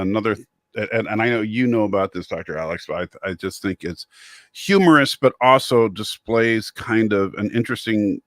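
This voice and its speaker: A man's voice: on the low side, fairly bright tone, no echo, studio quality. A middle-aged American man chatting casually on a video call, often restarting his sentences. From United States. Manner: halting, with repeated restarts. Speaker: guest streamer.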